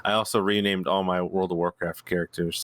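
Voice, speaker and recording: A man hosting a gaming podcast in casual chat, relaxed and swearing freely. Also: low-pitched, a little fast, dry recording. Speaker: podcast host.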